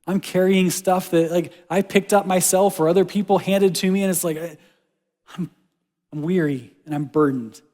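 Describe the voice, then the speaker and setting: A man delivers a casual, conversational sermon, his voice sitting a little high for a man. He shifts between animated, rising lines and hushed, gentle ones. His voice rings out in a hall with a long reverb. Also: moderate pace. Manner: conversational, animated, drops to soft quiet lines for God's words. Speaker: pastor.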